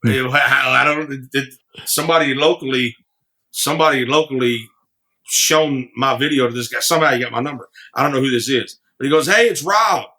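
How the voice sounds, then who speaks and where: A man's voice: medium pitch, fairly even intonation, a little fast, bright, forceful tone. A man guesting on a podcast, a singer-songwriter telling rambling stories with many restarts. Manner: rambling, frequent restarts, laughs easily. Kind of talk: casual storytelling.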